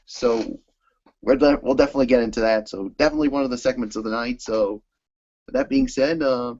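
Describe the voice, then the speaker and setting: A man's voice: mid-range voice, a little fast, darkish tone. A man co-hosting a casual podcast, rambling through his thoughts with many "uh"s. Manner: rambling, filler-heavy recap. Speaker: co-host. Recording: slightly dull lo-fi audio.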